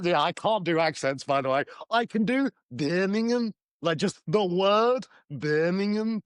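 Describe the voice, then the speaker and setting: A man with a high voice co-hosts a language podcast. He jokes quickly and pauses to spell out and explain words for listeners. The recording is close and dry. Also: animated, clear, resonant tone, dry recording. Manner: quick, laughing, explains vocabulary. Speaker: podcast co-host and English teacher. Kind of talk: casual chat.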